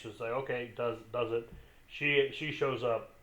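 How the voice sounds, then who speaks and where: A man's voice: mid-range voice, fairly even intonation, normal speed, fairly bright tone, dull audio. A man co-hosting a podcast, chatting casually and adding plot details to a movie recap. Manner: laid-back, chiming in with plot details. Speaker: podcast co-host. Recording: echoey room.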